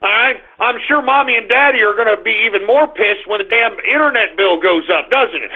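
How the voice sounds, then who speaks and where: A man hosting a radio talk show, ranting aggressively and shouting insults at his listeners. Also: high voice, fairly quick. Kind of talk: angry ranting monologue. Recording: muffled phone-line radio stream.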